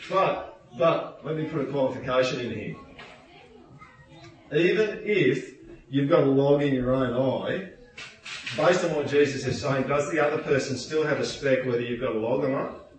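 A male preacher delivers a lively sermon, his voice bouncing around a large echoey hall. He sounds set back from the microphone. He slips into playful put-on voices to act out what people say. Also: mid-range voice, moderate pace, slight background noise. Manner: animated, playful, acts out quotes with voices. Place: church hall. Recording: echoey hall, distant mic.

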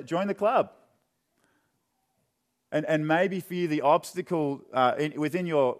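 A young man preaching a sermon in a church, chatty and joking, then dropping into quiet, earnest questions. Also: on the high side. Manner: conversational and joking, with sudden drops to quiet earnestness. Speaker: pastor. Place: church hall.

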